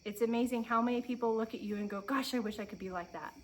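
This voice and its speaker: With a fairly high voice and poor audio, a homestead vlogger in her thirties from Oregon shares a heartfelt sit-down chat outdoors on her farm. She's close to tears but earnest and encouraging, pausing and beginning again often, while crickets and insects buzz faintly.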